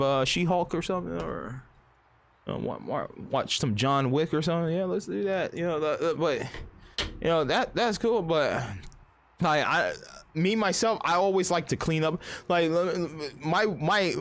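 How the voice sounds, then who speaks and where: A slightly high, fairly bright male voice belongs to a streamer in his thirties. He chats casually on a livestream, rambling and cursing and doing other people's voices mid-story.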